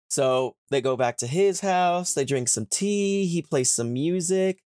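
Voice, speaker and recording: A young man hosting a podcast, casually retelling a story and slipping into quick character voices. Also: a little high, lively intonation, a little mellow, no room sound, studio quality. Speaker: podcast host.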